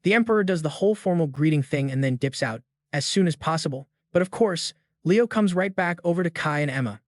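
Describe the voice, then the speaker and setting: A man narrates a story recap in a chatty, slangy voice that sits a little high. He talks straight to his listeners, like a friend passing on gossip. The recording is dry and close, with no room sound. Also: lively intonation, fairly quick, no room sound. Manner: chatty, slangy, addresses the audience directly.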